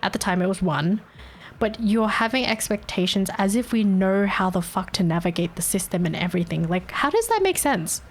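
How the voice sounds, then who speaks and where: A woman's voice: mid-range voice, expressive, brisk. A young woman streaming live, chatting casually with viewers and venting animatedly, swearing freely.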